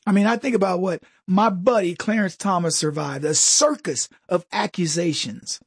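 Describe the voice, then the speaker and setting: Mocking male commentary host, husky voice. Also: high voice, moderate pace, dry recording, studio quality. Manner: mocking, jokey asides with mimicked voices. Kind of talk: comedic political monologue.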